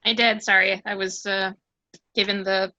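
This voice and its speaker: Bright, sardonic woman on dull call audio. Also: medium pitch, little pitch movement, no echo. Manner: quick, repeats words, sardonic. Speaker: guest reviewer. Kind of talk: casual film review chat. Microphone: video call.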